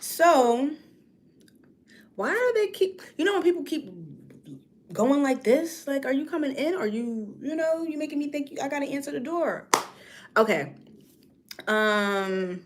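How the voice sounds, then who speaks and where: A woman from New York with a New York accent, chatting casually on a livestream and reading comments, drifting between topics. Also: a little high. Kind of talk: casual chat.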